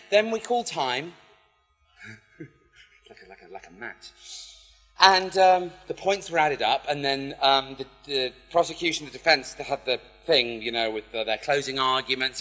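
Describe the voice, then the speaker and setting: A man telling a story to a live audience in an animated way, acting out the voices of the people in it. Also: medium pitch. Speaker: poet and speaker. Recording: long hall reverb, faint music.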